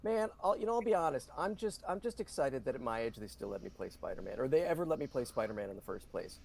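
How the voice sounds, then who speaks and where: A man's voice: mid-range voice, sing-song, fast, gravelly, a little mellow, slight background noise. A middle-aged man, a voice actor, answering interview questions in an earnest, talkative way. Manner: earnest, talkative, full of "you know" fillers. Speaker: voice actor guest.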